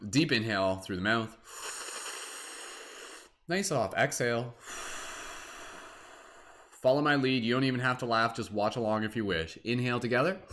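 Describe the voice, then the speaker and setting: A man's voice: mid-range voice, unhurried, long pauses, fairly bright tone. A young Canadian man hosting a live-streamed guided meditation, chatty and giggly, with many fillers. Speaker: meditation host.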